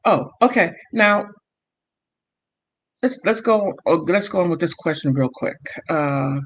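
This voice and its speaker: Heated, slow-talking male livestream host. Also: high-pitched, expressive, a bit bright. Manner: emotional, heated, self-interrupting and apologetic. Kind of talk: casual livestream commentary, reading chat comments. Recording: dull lo-fi audio.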